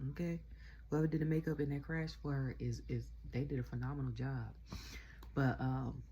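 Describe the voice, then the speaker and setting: A woman's voice: very deep voice, a little hiss or hum. A woman recapping a wrestling show in a casual rant, laughing often and acting out quotes. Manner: laughs often, animated retelling with quoted voices.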